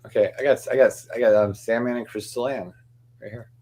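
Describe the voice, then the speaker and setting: A man's voice: medium pitch, fairly even intonation, a little fast, mellow. A man hosting a stream, chatting casually in a rambling, apologetic way. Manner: rambling, apologetic, keeps saying sorry. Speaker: stream host. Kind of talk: casual chat.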